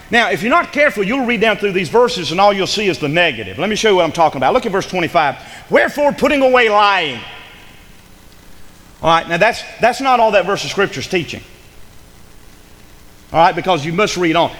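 Male pastor, high and animated, bright ringing tone, echoing sanctuary, fervent sermon. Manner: preaching with rising fervor, call-and-response amens. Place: church sanctuary. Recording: long hall reverb.

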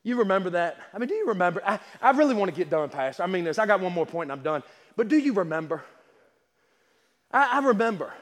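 A man's voice: high voice, sing-song, fast. A man preaching a sermon in a folksy, emphatic way, full of stammering restarts. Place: church sanctuary. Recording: long hall reverb.

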